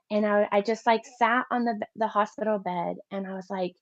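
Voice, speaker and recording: A woman in her thirties, an interview guest giving a personal faith testimony, telling her story in an animated way and acting out her own past thoughts. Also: mid-range voice, a little fast, few pauses, dry recording. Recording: dull lo-fi dry sound.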